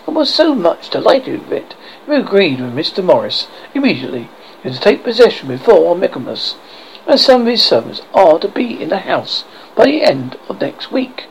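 A reader voicing an excitable, fussy middle-aged mother who talks insistently. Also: medium pitch, a little hiss or hum, low-quality recording. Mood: eager. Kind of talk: audiobook character reading.

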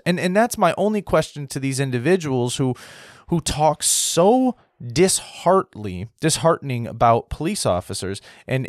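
An American man giving a heated opinion monologue to his viewers, restarting sentences, clearing his throat often and tagging his points with "right?". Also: mid-range voice, dry recording, clean studio sound. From United States. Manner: heated, repetitive, frequent "right?" tags and restarts. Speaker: political commentary host.

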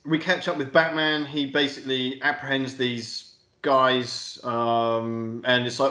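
A man's voice: medium pitch, little pitch movement, measured pace, pushed and bright. Chatty man in an echoey room. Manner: laughs often, recounts scenes with quoted lines. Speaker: film reviewer. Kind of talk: casual chat.

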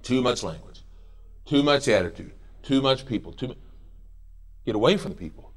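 A middle-aged man preaching a sermon as pastor in a church, animated and jokey, with quoted voices and bits of song. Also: medium pitch, normal speed, long pauses. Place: church sanctuary.

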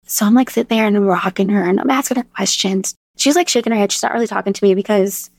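Thirties woman guest on a podcast, chatty and animated, acts out the lines she quotes, mid pitch, dry sound. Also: fast talker, dry recording. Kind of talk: casual storytelling interview.

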